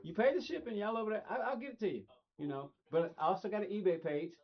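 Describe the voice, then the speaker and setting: A man's voice: high voice, animated, quick pace. A middle-aged man streaming a racing game, rambling casually and talking straight to his chat. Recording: dull lo-fi stream audio.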